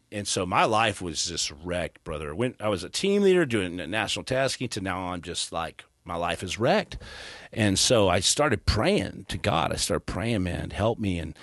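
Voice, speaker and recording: A man's voice: low voice, dry recording, clean studio sound. A man in his thirties, a podcast guest, telling his story in a casual, earnest way with stammered restarts. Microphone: studio podcast mic.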